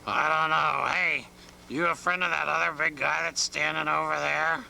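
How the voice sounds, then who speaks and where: A man voicing a bumbling, puzzled male bear fresh out of hibernation, who talks slowly and mutters his wonderings to himself in a gravelly voice. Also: fairly high pitch, steady tone, pushed and bright, a little hiss or hum, exaggerated voice.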